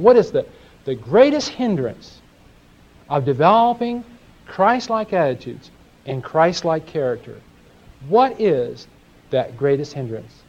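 A man's voice: fairly high pitch, a little mellow. A man teaching a sermon, telling folksy stories and asking his audience questions. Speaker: Bible teacher. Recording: dull lo-fi live recording.

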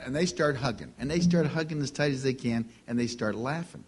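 Husky-voiced man telling a sermon story. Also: fairly high pitch, expressive, a little fast, hardly any pauses. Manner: folksy anecdotal storytelling, acting out dialogue. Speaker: preacher.

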